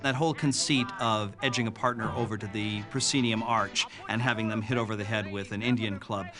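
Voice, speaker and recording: Lower-voiced man explaining film history. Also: fairly even intonation, a little fast. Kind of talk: documentary interview commentary. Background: music underneath.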